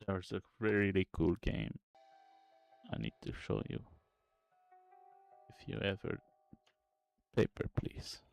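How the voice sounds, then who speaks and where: Low, gravelly man muttering while he works. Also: very animated, soft background music. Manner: quiet, muttering to himself, halting phrasing. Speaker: game developer streamer. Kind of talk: casual livestream commentary while coding and gaming.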